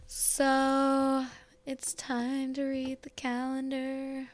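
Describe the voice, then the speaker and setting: A woman's voice: sits high, completely flat delivery. A woman radio DJ reading an events calendar late at night, sleepy and stifling yawns, talking casually into a studio microphone. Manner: drowsy, unhurried, casual.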